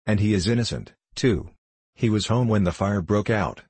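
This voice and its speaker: A man's voice: lowish voice, normal speed, a little mellow, breathy edge, no room sound. A man reading an earnest young working-class girl. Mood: despairing.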